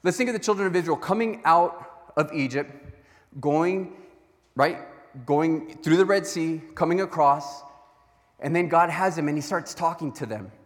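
A man preaching a sermon as a pastor, telling Bible stories in an animated way and acting out their voices. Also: a little high, moderate pace, in a large hall. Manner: animated storytelling with acted-out voices.

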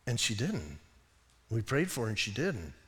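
An American man preaching a sermon as a pastor, expressive, moving between hushed moments and loud, emphatic stretches. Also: mid-range voice, moderate pace, breathy edge, big-room sound. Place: church sanctuary.

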